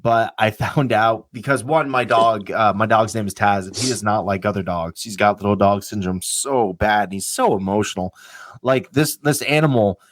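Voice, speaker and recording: A man hosting a casual podcast chat, telling lively stories and swearing casually. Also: fairly low pitch, moderate pace, no echo. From Vermont, US. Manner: animated storyteller who acts out pets' voices. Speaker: podcast host.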